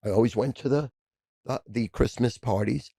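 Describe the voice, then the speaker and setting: A man's voice: mid-range voice, gravelly, dark tone, no echo. A man, a podcast guest telling profane, brash stories in casual chat. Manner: brash, profane, rapid storyteller.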